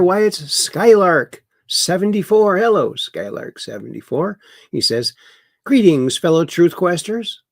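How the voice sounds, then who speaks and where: Man, livestream host, lively sing-song pitch, dry close sound. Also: no echo. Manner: mocking, chuckling political commentary. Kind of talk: casual livestream chat reading comments.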